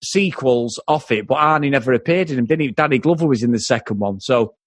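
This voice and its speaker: A man's voice: medium pitch, expressive, a little fast, no room sound. A man co-hosting a casual film review podcast, blunt and jokey, tagging his points with questions. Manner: conversational, full of tag questions, blunt and jokey. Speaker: podcast co-host.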